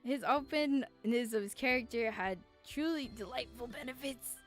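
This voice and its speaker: A woman's voice: on the high side, moderate pace, soft background music. A young woman streaming a romance game, reading its text aloud and reacting with teary emotion and casual swearing.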